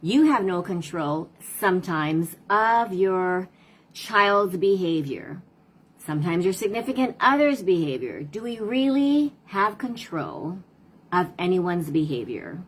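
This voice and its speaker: A woman's voice: fairly low pitch, very animated, takes it slowly, husky, low-quality recording. A woman parent coach talking casually to viewers on a live stream, asking rhetorical questions and replying to comments.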